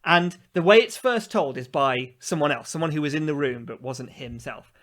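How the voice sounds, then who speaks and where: A man co-hosting a podcast, telling a story with animated, mocking exasperation in casual chat. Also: a little high, moderate pace. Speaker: podcast co-host.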